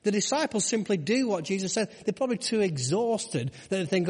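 A man delivers a sermon in a relaxed, conversational way, tossing rhetorical questions to his listeners. His voice sits a little high for a man. The sound rings with a long hall reverb. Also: a little fast, slightly rough. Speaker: pastor.

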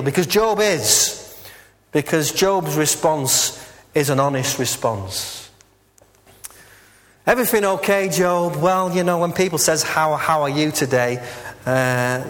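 A fairly high-voiced man delivers a sermon with candid, earnest warmth, peppering it with "uh" and "you know." His voice rings out in a long church reverb. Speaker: minister. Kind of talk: conversational sermon.

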